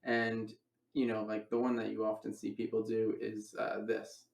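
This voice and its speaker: A man with a gravelly voice gives a casual magic lecture. He rambles, restarts phrases and talks through moves as he demonstrates them. The room around him is echoey. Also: lowish voice, monotone, normal speed, distant mic.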